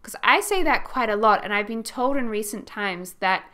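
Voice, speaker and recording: A woman's voice: a little high, expressive, moderate pace, pushed and bright, clean tone. A young Australian woman chatting casually as she narrates a house build for her channel, rambling and laughing as she goes. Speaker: gaming YouTuber.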